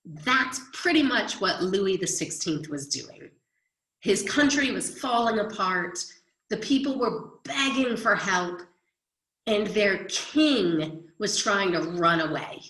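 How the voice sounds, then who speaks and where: A woman's voice: mid-range voice, lively intonation, slow, a bit bright, echoey room, rough recording. A woman history teacher giving a chatty recorded lecture, explaining with everyday examples.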